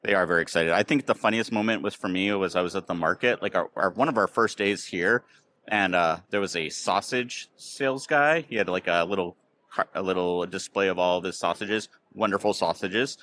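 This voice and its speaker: A fairly low-pitched American man talks in a loose, casual way. He hosts the chat and wanders through his stories with plenty of ums and restarts. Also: brisk, bright, forceful tone. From United States. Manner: rambling, filler-heavy storytelling. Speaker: podcast host. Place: outdoors near a train station.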